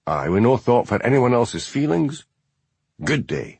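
A man voicing a laconic, wry village policeman with a dry, unhurried delivery. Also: medium pitch, sing-song, darkish tone, husky, no echo, full character voice.

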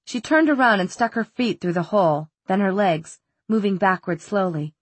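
A woman narrating a young-adult fantasy novel in a steady, even storytelling manner. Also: mid-range voice, normal speed, slightly rough, no room sound. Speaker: audiobook narrator. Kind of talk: scripted narration.

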